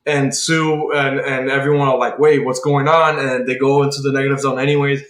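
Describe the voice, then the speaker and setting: In a roomy, echoing recording, a podcast co-host eagerly recaps a comic plot in casual chat, rambling and leaning heavily on "like" with plenty of restarts. His mid-range voice stays fairly flat in pitch, a little fast and fairly bright.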